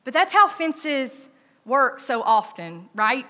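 A woman telling a personal story in a lively, conversational way, with frequent "um" and "like". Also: sits high, measured pace.

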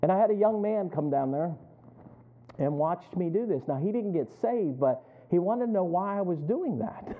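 High-voiced male preacher on a tinny line. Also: normal speed. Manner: animated storytelling, acting out both sides of a conversation; chuckles between lines. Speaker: pastor. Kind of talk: sermon with personal stories. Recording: tinny phone-like sound.

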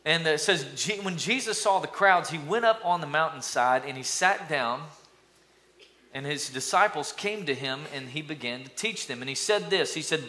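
Male pastor, upbeat sermon, bright tone, banters with congregation. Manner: energetic, playful, calls for responses from the congregation; acts out mock voices with sudden high-pitched bursts.

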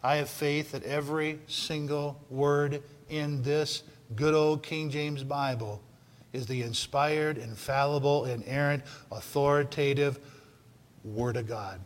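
A man preaching a sermon, repeating his lines for emphasis and swinging between loud shouts and low, intense stretches. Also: steady tone, a little slow, in a large hall. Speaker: pastor.

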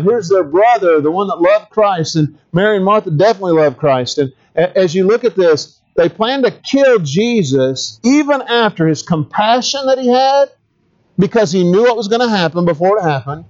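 A man's voice: high-pitched, a little mellow, highs cut off. A middle-aged man, a pastor, preaching a conversational sermon, asking the congregation questions and adding humorous asides.

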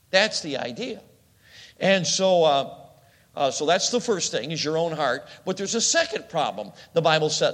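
A man preaching a sermon in a lively, conversational way, often putting questions to the congregation. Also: on the high side. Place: church hall. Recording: long hall reverb.

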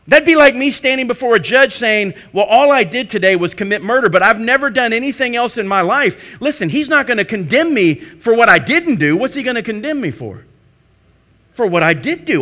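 High-voiced pastor preaching with swings. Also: male voice. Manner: preaching with wide swings from loud emphasis to hushed, low intensity; asks the congregation questions and answers them himself. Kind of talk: sermon.

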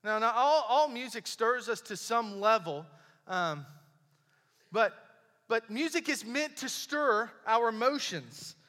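Bright-voiced pastor preaching. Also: male voice, very high voice, lively intonation, slow, in a large hall. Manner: conversational, emphatic preaching with repetitions. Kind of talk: sermon. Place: church sanctuary.

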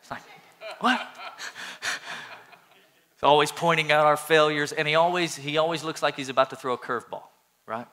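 A man preaching a sermon with a bright, forceful, rather high voice. He talks earnestly and with animation, stumbling through restarts as he builds energy. It is pastor-style address to a congregation. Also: steady tone, normal speed, long pauses.

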